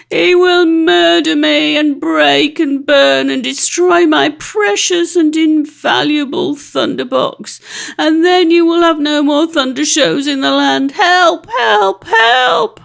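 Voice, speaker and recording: A woman's voice: extremely high pitch, slow pace, gravelly, a bit bright, voice pushed up, exaggerated voice. A woman doing a shrieking panicky showman. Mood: panicked. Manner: shrieking, frantic.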